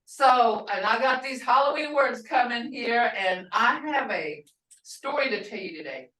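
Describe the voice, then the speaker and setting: A woman's voice: fairly high pitch, animated, measured pace, sharp tone. An older woman teaching a language class, patiently repeating words to model how they sound. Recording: roomy, distant from the mic.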